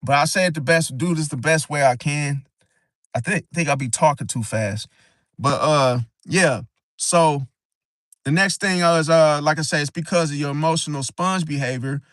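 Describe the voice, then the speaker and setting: Casting: man, slightly high voice, AAVE speech, rambling talk-show host with frequent restarts, dry mic. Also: a bit bright, dry recording. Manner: rambling, halting, frequent "see?" tag. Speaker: astrology channel host. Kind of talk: casual livestream talk.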